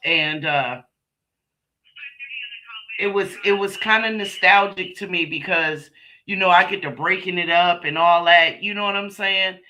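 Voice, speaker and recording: A woman's voice: fairly low pitch, a little slow, rough recording. A woman hosting a live stream, telling a casual, slangy and profane story to her viewers. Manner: animated, slangy and profane, addresses viewers as y'all.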